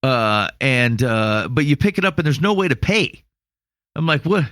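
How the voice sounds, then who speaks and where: A man from Iowa spins a long, self-mocking story in a relaxed chat, often chuckling at his own blunders. His voice sits in an everyday middle pitch and is recorded close and dry. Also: moderate pace, no echo. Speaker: podcast co-host. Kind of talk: casual storytelling.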